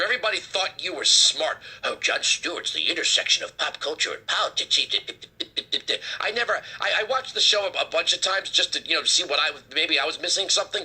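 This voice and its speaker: A man hosting a political talk show, delivering a heated, sarcastic commentary rant with a husky edge. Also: high-pitched, bright, forceful tone.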